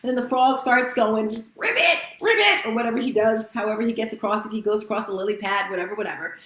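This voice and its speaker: A woman's voice: medium pitch, flat delivery, quick pace. A woman giving a candid, emotional, live-streamed motivational talk, casually addressing viewers as guys. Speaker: motivational speaker and fitness instructor. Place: room at home with lights set up. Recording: roomy echo.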